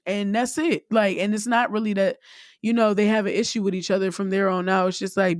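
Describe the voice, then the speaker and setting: A woman's voice: mid-range voice, steady tone, fairly quick, no room sound, studio quality. A young woman, hosting a casual solo podcast and talking bluntly and profanely, laughing often. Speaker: podcast host.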